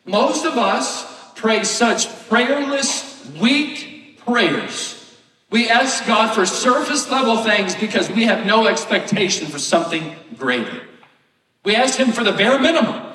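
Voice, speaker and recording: A man's voice: sits high, pushed and bright, recorded from a distance. A man preaching a sermon as pastor, talking conversationally and often asking "right?". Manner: conversational preaching with rhetorical questions. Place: church sanctuary. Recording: echoey hall, voice from afar.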